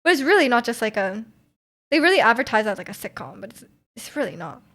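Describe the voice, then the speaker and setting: Young woman streamer, chatty and giggly, rambling with restarts, slightly high voice. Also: big pitch swings, fast, a bit bright. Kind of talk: casual chat with live chat.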